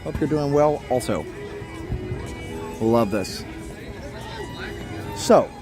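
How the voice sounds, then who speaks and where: A man's voice: medium pitch, lively intonation, extremely slow, over music. A man hosting a casual live stream from a theme park at night, chatting and reading out viewer comments.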